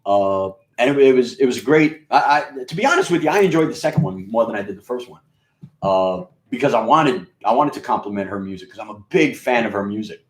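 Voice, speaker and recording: A man's voice: medium pitch, very animated, a little fast. A man from New York with a scratchy, rustic voice and a mixed Queens and Bronx accent, rambling through a profane, casual monologue full of fillers and restarts. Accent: New York mix of Queens and Bronx. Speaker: radio and video host. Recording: roomy echo.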